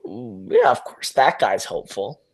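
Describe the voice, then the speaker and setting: A young man, an actor as guest, talking in an animated, storytelling way on a video call. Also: fairly low pitch, moderate pace, husky. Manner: animated storytelling, acts out friends' voices. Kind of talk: casual video-call interview.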